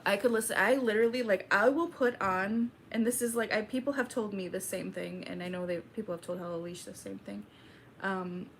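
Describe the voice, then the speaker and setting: A young woman hosting a casual livestream, reading chat aloud and chatting back in a slow, laid-back drawl. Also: fairly low pitch, a little hiss or hum.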